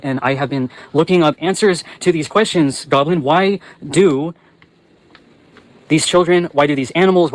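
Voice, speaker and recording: A man with a slightly high voice rants to his viewers, angry and profane, now and then breaking into yells. He talks on the move as he walks along, hosting his own channel. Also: low-quality recording. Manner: angry, profane, yelling at times; talks while walking. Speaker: channel host. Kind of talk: ranting livestream monologue.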